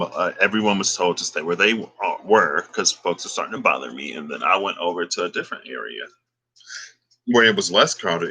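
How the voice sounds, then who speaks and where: A man casually recounting a dream, relaxed and slangy, chuckling now and then. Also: sits low, breathy edge. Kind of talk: casual storytelling.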